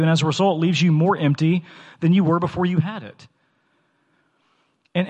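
A man's voice: fairly high pitch, big-room sound. A man in his thirties preaching a sermon as a church pastor, talking in a conversational, earnest way with many fillers and restarts. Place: church sanctuary.

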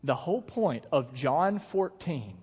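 A man with a somewhat high voice, preaching as a pastor in a casual, storytelling way, often turning to the congregation with questions. He is recorded in a church sanctuary, and his voice carries a long, ringing reverb. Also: takes it slowly, breathy edge. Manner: conversational, animated storytelling with asides to the congregation. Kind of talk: sermon.

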